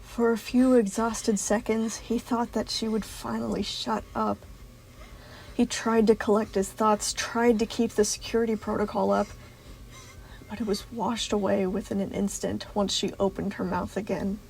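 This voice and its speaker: A woman's voice: mid-range voice, level tone, normal speed, vocal fry, a little mellow, rough recording. A woman reading a fan fiction story aloud in an intense, dramatic storytelling manner. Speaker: reader, narrator. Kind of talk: fan fiction audiobook narration.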